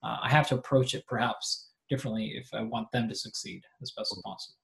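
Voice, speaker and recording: A man being interviewed as a coach, explaining ideas in an animated, conversational way, with many fillers and restarts. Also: mid-range voice, quick pace, vocal fry. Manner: animated explainer, acts out athletes' voices. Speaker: performance coach, podcast guest.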